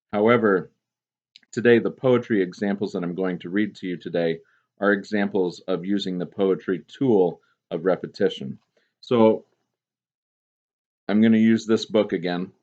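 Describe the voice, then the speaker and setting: A male teacher giving a casual classroom lesson, chatting with many "um"s and "okay?"s and reading poems aloud with expressive emphasis. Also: low voice. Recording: dull lo-fi recording.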